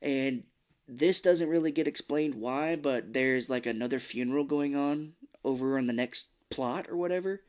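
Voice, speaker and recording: Co-host, male, casual recap voice, throws in brief character impressions, mid pitch. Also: smooth. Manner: retells plot with quick put-on voices for characters. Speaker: podcast co-host. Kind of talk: casual film recap chat.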